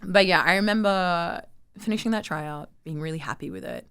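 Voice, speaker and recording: A woman, telling her story as an interview guest in an animated way, acting out quotes and using lots of fillers. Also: on the low side, moderate pace, clean tone. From Sydney, Australia. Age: 20s.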